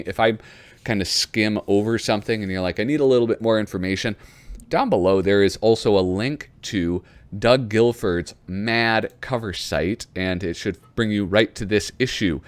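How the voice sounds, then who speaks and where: A man's voice: fairly low pitch, no room sound. A man hosting a casual magazine flip-through, reading letters aloud and rambling with frequent chuckles. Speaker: host flipping through a magazine.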